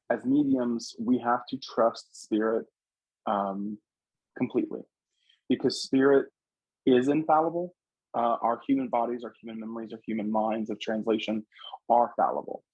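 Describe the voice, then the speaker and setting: A man's voice: medium pitch, measured pace, pauses often, husky, no room sound, lo-fi sound. A man who works as a psychic medium, telling stories from his readings in an earnest, casual interview manner. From Louisiana. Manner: earnest storytelling, animated quoting of others.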